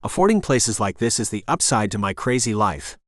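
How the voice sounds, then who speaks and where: A man voicing a confident, sincere young woman in an audiobook, reading her lines softly. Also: fairly low pitch, big pitch swings, brisk, no room sound, studio quality.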